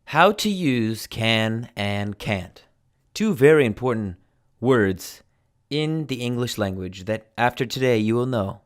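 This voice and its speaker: A man with an American accent, teaching English pronunciation slowly and repeating each example. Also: mid-range voice. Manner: slow, deliberate, repeats examples. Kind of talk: pronunciation lesson.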